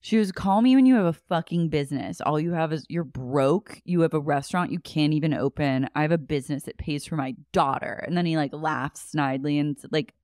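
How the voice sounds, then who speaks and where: A woman's voice: low voice, fairly quick, hardly any pauses, a little mellow, dry recording, studio quality. A woman co-hosting a podcast, animatedly retelling a reality show episode with quoted lines and swearing. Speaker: podcast co-host. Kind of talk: casual chat recapping a reality show.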